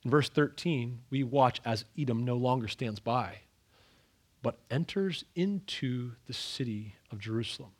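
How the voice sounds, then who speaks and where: A man preaching an expository sermon, dramatic and animated, acting out the scripture with sudden raised outbursts. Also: medium pitch, a little slow, breathy edge.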